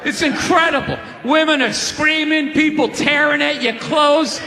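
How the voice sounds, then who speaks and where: A man doing stand-up comedy, ranting loudly and acting out people, with shouting punchlines. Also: extremely high pitch, a little slow, gravelly. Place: large comedy venue on stage. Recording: big hall with crowd and noise.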